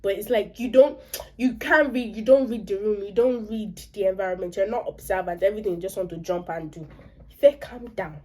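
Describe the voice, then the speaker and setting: With a mellow, mid-range voice and a brisk pace, a young Nigerian vlogger gives a casual reaction recap of a series episode. She's chatty and opinionated, mixing in asides in Pidgin and Yoruba.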